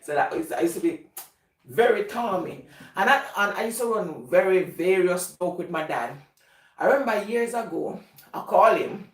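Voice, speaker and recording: A female vlogger with a Jamaican accent tells casual, rambling stories, laughing often as she goes. Her voice is on the low side and animated, at a normal speed. She sounds distant, in an echoey room.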